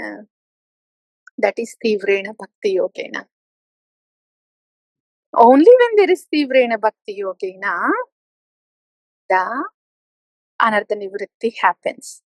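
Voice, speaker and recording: A high-pitched woman gives a devotional talk, teasing her listeners and then pressing them to take it seriously. Her voice sounds dry and close, with almost no room in it. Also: dry recording, poor audio. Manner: playful, mimics complacent listeners with soft laughs. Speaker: spiritual teacher.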